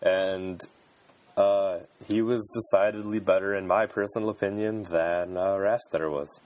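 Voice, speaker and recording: A man's voice: sits low, fairly even intonation, a little slow, a little mellow, soft background music. A man co-hosting a podcast, talking sports casually and hesitantly, with many fillers and restarts. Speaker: podcast co-host.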